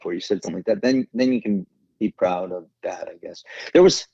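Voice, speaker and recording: Gravelly, husky man telling a story. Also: lowish voice, dark tone, no room sound. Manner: halting, earnest, many restarts. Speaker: actor guest. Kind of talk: emotional interview storytelling. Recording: dull lo-fi sound.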